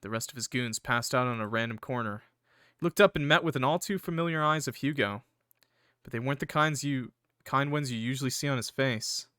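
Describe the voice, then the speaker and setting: A young man reading a visual novel aloud as a gaming creator, breaking off into excitable, swearing reactions. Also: medium pitch, brisk, smooth, no room sound, studio quality.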